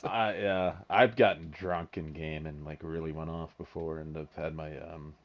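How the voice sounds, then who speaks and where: A man chatting casually on a podcast, excitable and laughing a lot. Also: rumbling low, normal speed, dull audio. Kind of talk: casual chat.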